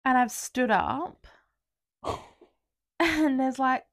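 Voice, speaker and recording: A woman's voice: high-pitched, animated, drawn-out words, no room sound. A young woman co-hosting a podcast, chatting casually, swearing often and laughing through her own stories. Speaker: podcast co-host. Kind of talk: casual chat.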